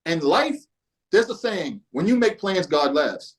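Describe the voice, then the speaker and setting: A man's voice: on the high side, sing-song, a little slow, poor audio. A man from Boston, a guest on a podcast, telling a laid-back, profane story in casual conversation. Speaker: podcast guest, music historian.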